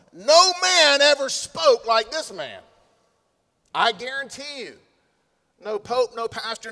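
A male pastor delivers a sermon in an unhurried, deliberate way. His voice sits high for a man and swells on stressed words before falling quiet. It rings with the long reverb of a church sanctuary. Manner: emphatic preaching, rising and falling between loud stresses and hushed asides.

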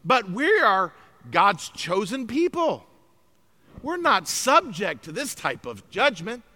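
A middle-aged male pastor preaching a sermon, emphatic and swinging from loud exclamations to hushed, grave lines. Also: sits high, sing-song, takes it slowly.

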